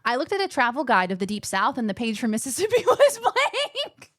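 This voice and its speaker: A young woman streaming a game, chatting with her viewers in quick, casual asides. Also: high-pitched, huge pitch swings, a bit bright, no room sound, studio quality. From Australia. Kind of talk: casual chat while gaming.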